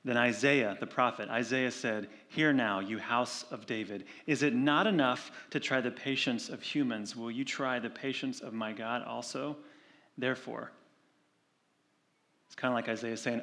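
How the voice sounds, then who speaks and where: A man delivers a sermon in a relaxed, conversational way. His voice sits in an ordinary middle register. He drops to a slower, gentler delivery whenever he reads from scripture. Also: medium pitch. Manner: conversational preaching with animated retold stories; slows and softens for scripture reading. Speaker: pastor.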